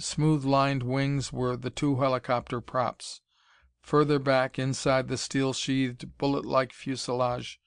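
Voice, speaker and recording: A man narrating an adventure story in a steady, measured reading voice. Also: mid-range voice, clear, resonant tone, no echo, studio quality. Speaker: audiobook narrator. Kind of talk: scripted narration.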